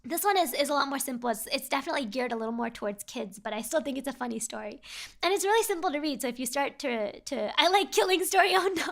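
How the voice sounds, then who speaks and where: A woman's voice: sits high, lively intonation, fast talker, vocal fry, fairly bright tone. A young woman streamer telling a story in a casual, rambling way, often repeating herself.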